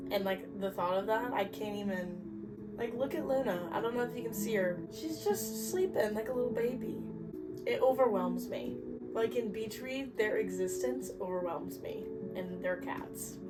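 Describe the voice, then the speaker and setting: A woman's voice: mid-range voice, normal speed. A young woman chatting casually in her bedroom while reading, giggly and dramatic in her reactions. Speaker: book vlogger. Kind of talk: casual reading vlog commentary. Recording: distant mic with music underneath.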